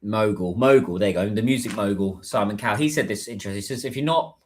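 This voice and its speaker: A man's voice: lowish voice, fast, darkish tone. A middle-aged man chatting casually on his livestream, rambling and hunting for words with lots of ums and uhs. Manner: rambling, searches for words with many fillers. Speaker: livestream host.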